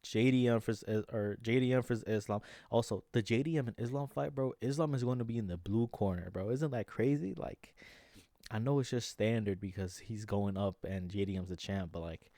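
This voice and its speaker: A man's voice: on the low side, fairly quick, dark tone, no room sound. A young man ranting in casual reaction commentary about fights, slangy and frustrated, saying "bro" a lot. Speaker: MMA vlogger.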